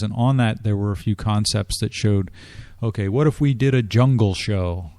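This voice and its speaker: Low mellow guy being interviewed, explains slow, keeps restarting, dry sound. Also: no echo. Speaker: drum corps staff guest. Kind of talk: casual radio interview.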